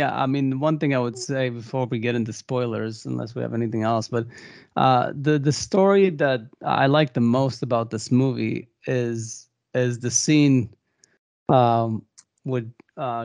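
A man co-hosting a movie podcast, telling a behind-the-scenes story in a rambling, animated way with many restarts. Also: medium pitch, measured pace, no echo. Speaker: podcast co-host. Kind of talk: casual movie discussion.

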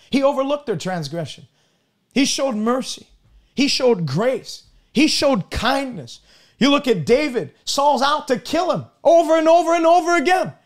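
A man with a strikingly high voice preaches with emphatic, repetitive force. He hammers each point with scripture and speaks straight to people watching online. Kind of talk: streamed sermon.

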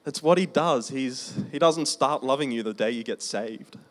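A man preaching a testimony sermon in a conversational storytelling way, slowing down for emphasis. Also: medium pitch. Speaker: preacher sharing his testimony.

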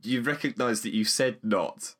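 A man's voice: mid-range voice, normal speed, a bit bright. A man co-hosting a film podcast, chatting casually, laughing and swearing as he retells scenes. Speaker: podcast co-host. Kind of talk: casual chat.

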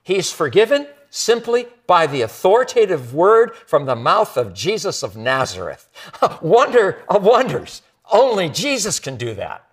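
Male pastor, sermon delivery; high, lively voice that sinks to near-whispers for emphasis. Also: unhurried, breathy edge. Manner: expressive preaching with dramatic soft drops.

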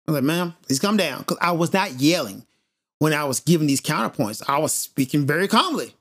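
A man's voice: fairly high pitch, a little fast. Emphatic man telling a story. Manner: animated, emphatic, repeats points for effect. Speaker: podcast host. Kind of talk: storytelling monologue.

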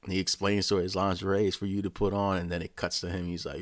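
A deep-voiced man tells a story in a loose, rambling rant, with swearing in almost every line. The sound is dry and close, with no room around it. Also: quick pace, no echo. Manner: profane, rambling, animated storytelling. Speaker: vlogger. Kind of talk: casual rant recapping a show.

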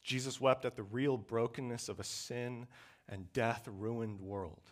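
A man preaching a sermon in a church, earnest and measured, slowing down and pausing to press his points. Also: medium pitch, fairly even intonation. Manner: earnest, measured preaching with slow emphatic pauses.

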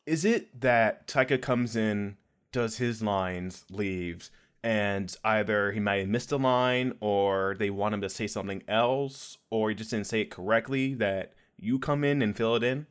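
Playful low-voiced male host. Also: measured pace, clean tone. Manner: playful, joking. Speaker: podcast host. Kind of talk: casual podcast interview.

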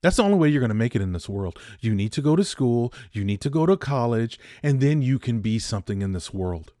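A man's voice: medium pitch, animated, fairly quick, dark tone, dry recording, studio quality. A man in his fifties hosting a podcast, delivering a heated opinion monologue that repeats points for emphasis. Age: 50s. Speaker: podcast host.

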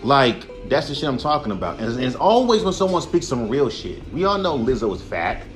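A man's voice: mid-range voice, very animated, fairly quick, soft background music. A young man hosting a solo podcast, ranting heatedly and profanely, sometimes mocking the people he criticizes in put-on voices. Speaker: podcast host.

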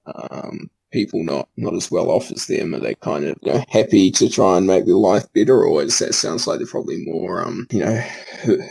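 A man's voice: low voice, moderate pace, vocal fry, hardly any pauses, a little mellow, breathy edge, low-quality recording. A man asking questions in casual chat, hesitant and full of ums and restarts.

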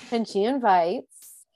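A woman in casual chat, recapping a television episode with a co-host in a lively, laughing way. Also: fairly high pitch, very slow, dry recording. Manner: chatty, animated, laughs often.

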